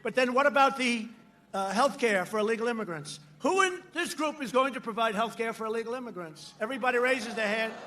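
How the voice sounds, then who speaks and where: A man giving a campaign rally speech at a podium microphone, mocking and repetitive, shouting lines out to the crowd. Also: very high voice, animated, a little fast. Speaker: politician addressing a rally crowd. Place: large outdoor rally.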